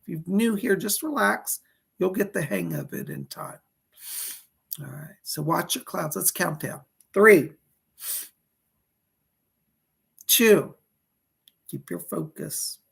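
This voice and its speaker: Male psychic host, very gravelly, bright edge, husky; calm guide, then chatty. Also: a little high, a little slow. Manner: soothing instructive guidance, then chatty and excited. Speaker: psychic medium. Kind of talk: live-streamed guided meditation and psychic readings.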